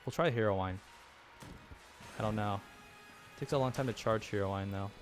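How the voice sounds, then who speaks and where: A young man with a lowish voice rambles through casual let's-play commentary on his own gameplay at a normal speed. He's self-deprecating and chuckles through asides over soft background music.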